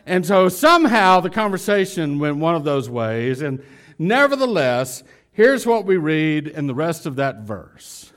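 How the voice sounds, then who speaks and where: A male pastor preaching a sermon, animated and talking straight to his congregation. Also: a little high, unhurried. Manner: animated, acts out dialogue; addresses congregation directly.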